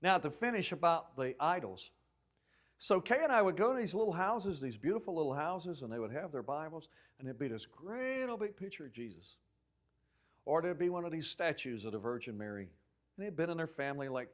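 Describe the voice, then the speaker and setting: A man preaching a sermon as pastor, telling stories with acted-out quotes and swinging from loud outbursts to near-whispers. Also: high-pitched, fairly quick. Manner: animated storytelling preacher, acting out quotes loudly then dropping to a hush.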